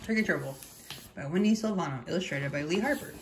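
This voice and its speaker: A woman reading a children's picture book aloud in an animated, expressive storytelling manner. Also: sits low, fast talker, slight background noise. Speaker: storybook reader.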